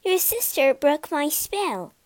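A woman's voice: high-pitched, big pitch swings, takes it slowly, no room sound, pitched above the performer's own voice, heavily acted. A woman voicing a tiny, vengeful female fairy who speaks in a lofty, declaring way. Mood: stern.

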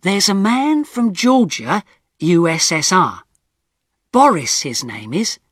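A man narrating a first-person story for language learners in a clear, expressive way. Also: high voice, slow, no echo, clean studio sound. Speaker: audiobook narrator.

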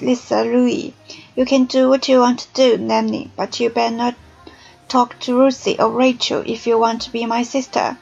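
Husky woman reading slow, bit of gravel, dull lo-fi sound w faint music. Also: fairly high pitch, darkish tone. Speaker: audiobook reader. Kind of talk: scripted narration.

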